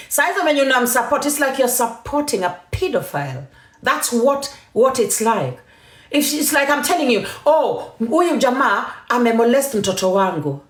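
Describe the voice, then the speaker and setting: A Kenyan woman hosts a TikTok live stream, ranting heatedly with emphatic defiance while switching between English and Swahili. Her voice sits on the high side and rings with reverb.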